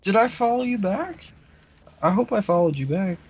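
A woman's voice: medium pitch, lively intonation, moderate pace, a little mellow, husky, muffled recording. A woman co-host in casual chat, sweet and easygoing, cooing her replies. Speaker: podcast co-host.

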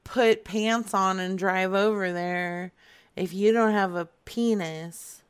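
A woman's voice: medium pitch, fairly even intonation, takes it slowly, clear, resonant tone. A young adult woman making a prank phone call, brash and teasing, laughing often. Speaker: prank caller.

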